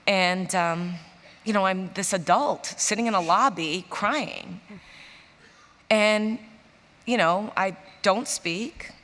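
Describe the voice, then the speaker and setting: A woman in her forties from Chicago, telling stories as a guest in a stage interview, animated and acting out the voices of people she quotes. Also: mid-range voice, slow. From Chicago, USA. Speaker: interview guest, business executive. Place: large conference hall on stage. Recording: reverberant conference hall.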